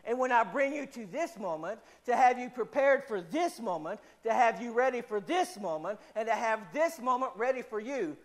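A man preaching a sermon in an earnest, repetitive way, slowing down for emphasis. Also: very high voice, animated.

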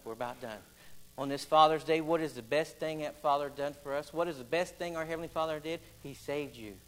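A man preaching a folksy sermon, building to loud, emphatic stretches. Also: mid-range voice, rough recording. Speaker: pastor.

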